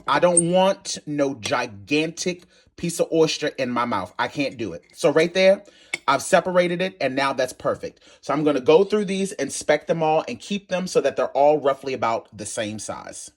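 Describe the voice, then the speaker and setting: A man from Maryland hosting a casual cooking tutorial in his home kitchen, sassy and animated, calling viewers honey and swearing casually. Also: on the high side, moderate pace. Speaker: cooking channel host.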